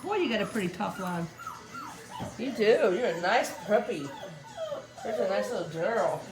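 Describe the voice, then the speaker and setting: A woman's voice: medium pitch, expressive, moderate pace, echoey room, music in the background. A woman filming her puppies at home, cooing and baby-talking to them and laughing often. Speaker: puppy breeder filming her litter. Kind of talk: casual home video narration. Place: indoors at home with dogs.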